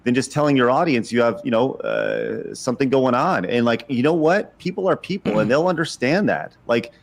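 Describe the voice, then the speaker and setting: A man's voice: medium pitch, moderate pace, creaky. A man interviewing over a video call, earnest and encouraging while still probing his guest. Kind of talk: conversational interview.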